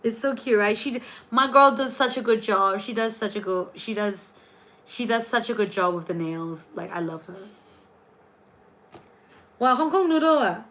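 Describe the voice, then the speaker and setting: A woman's voice: medium pitch, moderate pace, a bit bright. A young Singaporean woman with a Singaporean accent, hosting a casual livestream from her room as a tarot reader. She talks in a gushing, chatty way, full of fillers and restarts.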